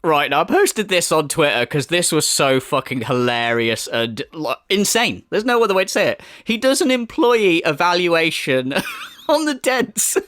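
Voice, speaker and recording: A man's voice: sits high, fairly bright tone. A man giving profane, sarcastic commentary, mocking another streamer as he rants. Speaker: commentary YouTuber. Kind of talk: ranting commentary.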